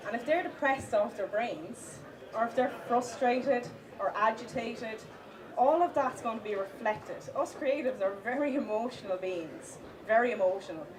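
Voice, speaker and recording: A woman giving a live conference talk, with many fillers and restarts, stressing the points of a list slowly. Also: on the high side. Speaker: conference speaker. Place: conference hall with audience. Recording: distant mic, audience in hall.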